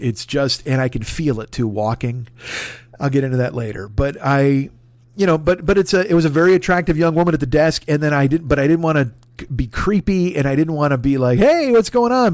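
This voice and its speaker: A man's voice: mid-range voice, darkish tone, no echo. Man, forties, podcast host, casual storytelling, profane, self-deprecating, restarts a lot, dry close sound. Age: 40s.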